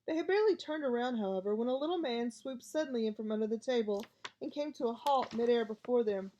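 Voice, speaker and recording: A woman's voice: fairly high pitch, fast talker, muffled recording. A woman narrating an audiobook, reading expressively. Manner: expressive, lively voices for each character. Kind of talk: storybook reading.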